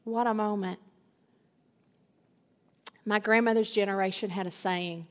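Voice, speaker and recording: A woman's voice: medium pitch, fairly even intonation, unhurried. A middle-aged woman preaching a sermon, emphatic, repeating key phrases and building in intensity. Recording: long reverb of a large hall.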